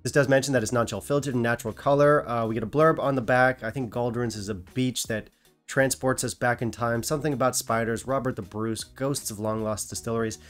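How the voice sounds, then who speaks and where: A man's voice: mid-range voice, fairly even intonation, a little fast, faint music behind. Dry-humored man hosting a whisky review. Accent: non-British English. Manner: dry, self-mocking humor. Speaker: whisky reviewer, channel host. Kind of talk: casual scripted review.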